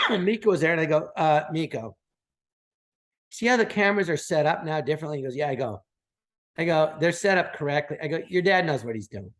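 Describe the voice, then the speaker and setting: A man's voice: fairly high pitch, fairly quick, pauses often. A man in his sixties, a podcast guest, telling anecdotes casually and acting out the people he quotes. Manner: animated, acts out quoted voices.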